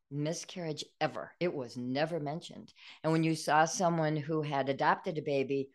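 An older woman speaks in a low, earnest voice as a guest on a podcast. She recounts a painful personal story with feeling, taking her time and staying open about her emotions. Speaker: guest author. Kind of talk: podcast interview.

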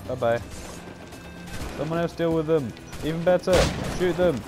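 A man's voice: a little high, normal speed. Man, young adult, sweary sarcastic game commentary, game music underneath. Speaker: gaming channel host.

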